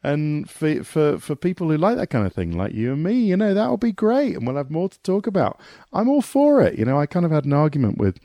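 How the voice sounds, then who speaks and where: A man talking as a motorsport pundit guest in a casual podcast conversation, animated and rambling, with many restarts. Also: a little high, brisk, no echo, clean studio sound.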